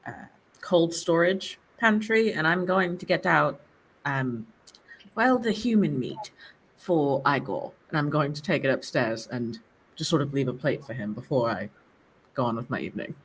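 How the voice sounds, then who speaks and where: Measured player searching for words, faint hiss. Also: male voice, fairly high pitch, lively intonation, fairly bright tone. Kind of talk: casual table talk.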